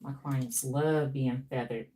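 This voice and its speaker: A woman's voice: very deep voice, steady tone, slow, mellow, far from the mic. A woman who styles hair on a live stream, chatting playfully with viewers as she works. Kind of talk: live stream chat while styling hair. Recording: off-mic with faint background noise.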